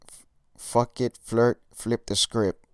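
A man's voice: medium pitch, little pitch movement, takes it slowly, dry recording, studio quality. A young man giving casual dating tips in a monologue, swearing often and using lots of fillers. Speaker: dating coach vlogger.

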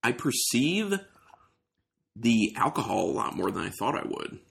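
A man's voice: mid-range voice, sing-song, measured pace, vocal fry, a bit bright. A man hosting a casual beer tasting, describing aroma and flavor as he thinks aloud. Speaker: beer reviewer host.

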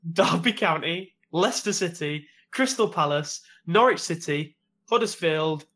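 A man's voice: a little high, animated, measured pace, a bit bright. A man hosting a casual football quiz, calling on players and confirming their answers. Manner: calls names, confirms answers, lists teams. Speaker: quiz host.

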